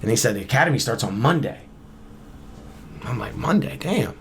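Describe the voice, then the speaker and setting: A man's voice: mid-range voice, lively intonation, moderate pace, a bit bright, slight background noise. A man in his thirties from Camden, New Jersey, a podcast guest casually telling a long story and acting out both sides of the conversation. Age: 30s.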